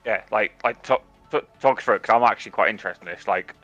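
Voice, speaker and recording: Lowish English male co-host, animated swearing storyteller, dull dry lo-fi mic. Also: fast, no echo, faint music behind. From England. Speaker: podcast co-host. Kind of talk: casual podcast chat.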